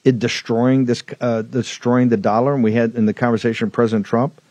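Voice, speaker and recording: A man's voice: medium pitch, little pitch movement, a little fast, darkish tone, no room sound. Male talk host, fiery and emphatic, hammering points home, dry studio mic. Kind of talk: political talk show commentary.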